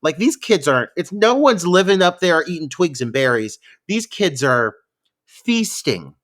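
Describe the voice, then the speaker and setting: A man's voice: on the high side, big pitch swings, a little slow, fairly bright tone. A man co-hosting a film podcast, joking and self-deprecating in casual chat. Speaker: podcast co-host.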